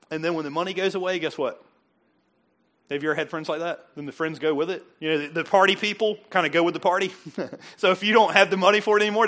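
The speaker is a middle-aged male pastor whose high, sharp voice carries a casual sermon. He chats and jokes with his congregation and acts out quoted voices.

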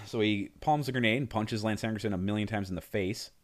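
A man's voice: on the low side, brisk. A man co-hosting a casual movie podcast, animatedly retelling scenes and acting out lines. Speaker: podcast co-host.

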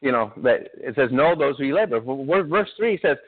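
A man's voice: medium pitch, animated, a little fast. A male pastor, preaching to his congregation in a conversational way and throwing questions at them. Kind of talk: sermon. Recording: tinny phone-like sound.

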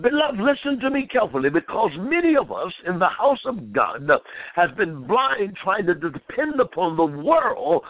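A man preaching a fervent sermon, calling his listeners "beloved" and filling pauses with "uh". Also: high voice, vocal fry, no room sound. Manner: fervent preaching with frequent "uh" fillers. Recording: tinny phone-line sound.

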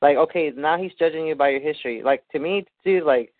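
A man's voice: a little high, a little fast, no room sound. A man chatting casually on a call, rambling with lots of "like" and "you know". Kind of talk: casual phone chat. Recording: tinny dry phone line.

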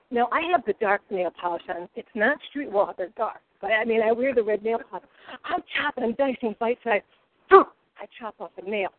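A middle-aged woman telling kitchen stories in a lively, expressive way as a guest cook. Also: on the high side. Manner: lively, expressive, laughing storyteller. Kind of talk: animated storytelling chat. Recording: tinny phone-like line.

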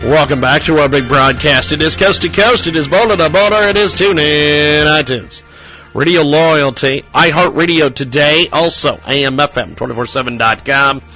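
Gravelly, jokey man hosting a radio show. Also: fairly high pitch, normal speed, pushed and bright, faint music behind. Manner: rambling, jokey, talks to himself between segments.

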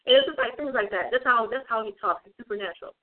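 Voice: medium pitch, quick pace. An online religious speaker giving an informal livestream talk, rambling with many fillers and repeated phrases. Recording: tinny phone-like sound.

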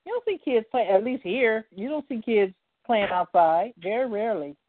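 A woman hosts a casual talk show in a relaxed, chatty way, reminiscing as she goes. Her voice comes through a narrow phone line with a dry, close sound and no room around it. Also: fairly high pitch, normal speed, no echo. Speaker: podcast host.

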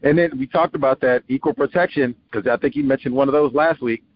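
A man's voice: mid-range voice, fast talker. A man hosting a radio talk show, musing in a rambling way and breaking into quoted voices with small laughs. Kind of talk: conversational call-in radio commentary. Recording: muffled radio broadcast with faint noise.

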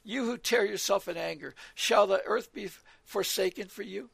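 A man with a gravelly, husky voice that sits high for a man, giving an earnest evening Bible talk. He rambles from point to point, reads scripture aloud and explains it, recorded dry and close. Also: moderate pace, fairly bright tone, dry recording. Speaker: preacher.

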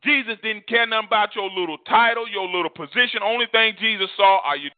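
A man's voice: high voice, fast talker, no room sound. A male preacher delivering a fervent sermon, repeating phrases for emphasis. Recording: tinny phone-like dry sound.

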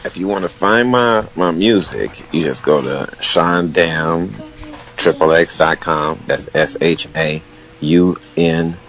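This man is a musician guest on a radio show and answers in a laid-back way, with plenty of ums. His voice is extremely deep, and the recording sounds dull and lo-fi. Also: slow pace. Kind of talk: interview answers.

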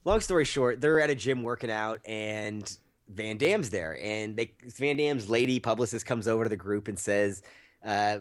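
Male podcast co-host, casual rambling storyteller, profane and laughing, mid pitch. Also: lively intonation, normal speed. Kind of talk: casual movie-review chat.

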